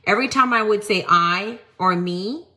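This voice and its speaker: A woman's voice: medium pitch, moderate pace, bright, forceful tone. A woman hosting a live-selling show, ranting on her stream with mocking, exasperated disbelief and free swearing. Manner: swears freely.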